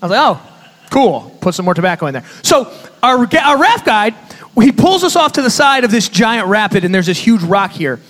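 A man, a youth pastor, giving a sermon with animated storytelling and conversational asides to his audience. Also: sits high, a little fast. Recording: reverberant hall.

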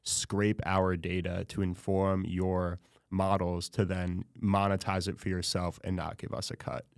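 A man's voice: sits low, little pitch movement, unhurried, creaky, no room sound, clean studio sound. A man hosting a podcast in casual chat, talkative, with wry, self-aware asides. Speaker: podcast host.

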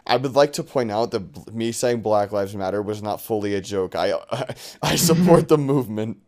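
A man's voice: on the low side, fairly even intonation, moderate pace, darkish tone. A man co-hosting a casual podcast with friends, blunt and teasing, laughing often. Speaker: podcast co-host. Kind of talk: casual joking chat among friends.

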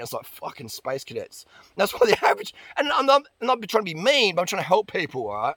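A man's voice: high voice, huge pitch swings, quick pace, pushed and bright, no room sound. A man ranting bluntly and profanely about dieting as a vlogger. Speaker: diet and fitness vlogger. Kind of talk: ranting monologue.

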